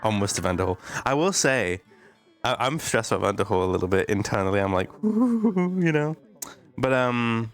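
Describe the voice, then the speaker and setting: A man's voice: fairly low pitch, brisk. A young man from Liverpool with a northern English accent, sleepy, chatting casually on stream and often repeating his words. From Liverpool, England. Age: young adult. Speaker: streamer playing a VR role-play character. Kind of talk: casual chat.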